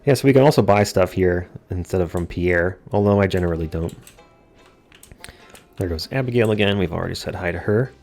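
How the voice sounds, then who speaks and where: A man's voice: low voice, brisk, creaky, darkish tone, faint music behind. A man giving casual, jokey let's play commentary with self-deprecating asides.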